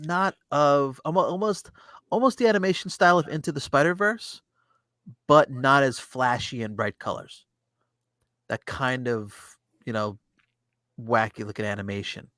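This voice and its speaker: A man's voice: mid-range voice, bright, forceful tone, no room sound. A man in his thirties co-hosting a casual round-table podcast, rambling and swearing freely with lots of fillers and restarts. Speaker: podcast co-host.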